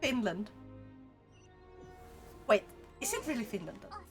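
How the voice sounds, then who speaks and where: A woman's voice: a little high, big pitch swings, measured pace, faint music behind. A woman from Sweden with a Swedish accent, chatting casually with live viewers as a streamer, blunt and laughing often.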